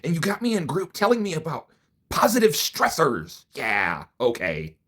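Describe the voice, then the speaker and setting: A man ranting to the camera in a profane solo monologue, angry, swinging from low mutters to near-shouts. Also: huge pitch swings, normal speed.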